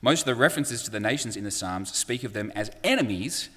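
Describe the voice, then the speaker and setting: A man's voice: fairly low pitch, lively intonation, quick pace, pushed and bright, husky, big-room sound. A man preaching a sermon in a conversational way, with frequent fillers and acted-out quotes.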